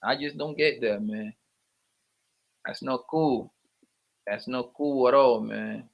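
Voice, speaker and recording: This livestream host talks slowly in a gravelly, medium-pitched voice, and the recording's highs are cut off. He welcomes viewers by name and ribs them in relaxed, slangy chat.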